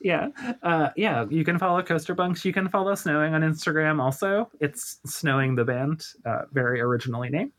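A man's voice: on the high side, fairly quick, fairly bright tone. A man from Pennsylvania, a guest on a film podcast, chatting with enthusiastic, self-deprecating giggles. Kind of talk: casual film chat.

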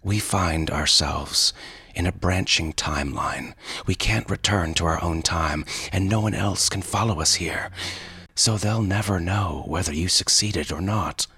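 Man voicing a calm, armored inventor. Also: low voice, a little slow, breathy edge, no room sound, heavily acted. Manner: calm and even, quietly wry.

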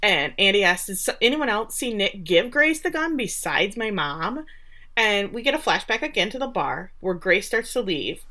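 A woman's voice: medium pitch, sing-song, normal speed, pushed and bright. A woman co-hosting a casual podcast, recapping a TV episode with sarcastic asides. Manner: chatty recap with sarcastic asides and acted-out quotes. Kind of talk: casual chat.

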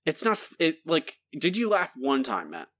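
A man rants through a casual podcast chat, exasperated and wound up. His pitch swings widely as he talks, leaping high and dropping low. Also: normal speed. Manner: exasperated, ranting, animated. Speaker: podcast co-host.

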